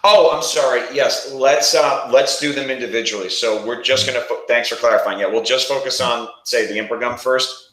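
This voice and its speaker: A man's voice: medium pitch, a little fast, few pauses, a bit bright, echoey room, rough recording. A man hosting a casual promo chat, talking freely with frequent restarts. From New York area. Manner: chatty, restarts often. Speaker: host.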